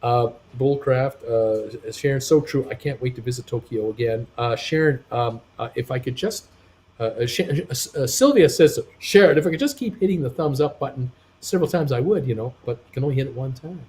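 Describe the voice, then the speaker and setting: A man in the middle of his vocal range hosts a live travel chat stream. He reads out viewer comments in a loose, friendly way, pausing often with "uh" and "um". He turns upbeat and pleading when he asks for thumbs ups. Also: mid-range voice, darkish tone, a little hiss or hum. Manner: hesitant, many uh and um fillers. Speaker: live show host reading chat.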